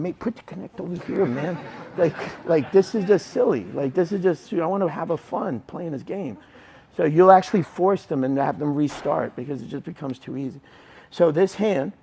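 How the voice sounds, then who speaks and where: Gravelly, husky male jiu-jitsu coach. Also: on the high side, a little mellow. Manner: coaching, checks in with "right?" and "okay?"; acts out students' lines in quick asides. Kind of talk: mat-side technique instruction.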